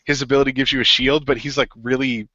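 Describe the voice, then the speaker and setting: A man's voice: mid-range voice, fairly even intonation, quick pace, sharp tone, no echo, lo-fi sound. A man co-hosting a podcast in casual chat, rambling with lots of fillers. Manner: rambling, filler-heavy, full of "like". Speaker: podcast co-host.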